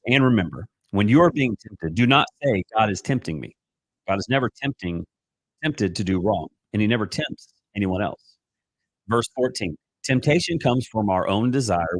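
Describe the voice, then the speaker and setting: A man's voice: fairly low pitch, animated, normal speed, no echo. A man, a Christian life coach giving an earnest, rambling live-stream talk full of restarts and fillers.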